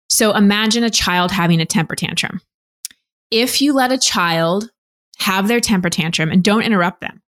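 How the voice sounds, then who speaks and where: Woman coach talking it through on a podcast, earnest and teacherly, middle-pitched voice. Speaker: relationship coach, podcast guest. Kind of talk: explanatory interview answer.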